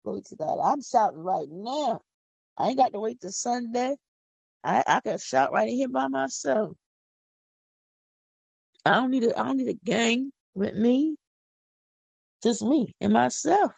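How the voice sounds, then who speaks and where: A woman with a gravelly, husky voice preaches to her listeners in a folksy, fervent way, speaking. She repeats words for emphasis. Her voice sits a little high and is recorded dry and close. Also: expressive, measured pace, long pauses, darkish tone, no echo. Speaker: podcast host. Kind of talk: preaching devotional talk. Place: home.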